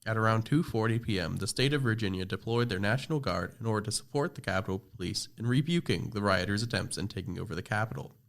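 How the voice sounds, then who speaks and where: A man's voice: lowish voice, expressive, fast talker, vocal fry, few pauses. A teenage boy narrating a scripted school project podcast, reading steadily with small slips and restarts. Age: teens. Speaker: student presenter.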